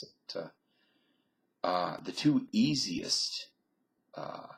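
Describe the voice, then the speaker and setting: A man's voice: low voice, expressive, a little slow, low-quality recording. A man in his fifties from Virginia, rambling casually through a solo vlog and playfully switching between put-on accents. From Virginia, US South. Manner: chatty and meandering, plays with different put-on accents. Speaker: vlogger.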